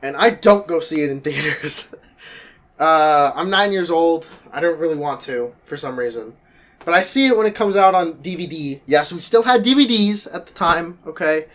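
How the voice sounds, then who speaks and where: A young man talking casually to camera, animated and jokey, with quick shifts in pitch. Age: young adult. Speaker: vlogger.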